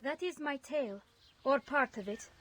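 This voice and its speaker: A woman voicing a grieving refugee mother in a fantasy game, speaking formally and gently. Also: high voice, normal speed, dry recording. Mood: sorrowful. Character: grieving mother, refugee mage from a desert land. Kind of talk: game voice acting.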